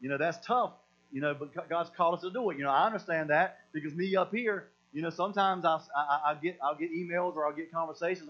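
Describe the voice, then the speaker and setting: A man preaching a sermon as pastor, animated and repeating words as he acts out voices. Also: fairly high pitch, fast talker. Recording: dull lo-fi recording with mains hum.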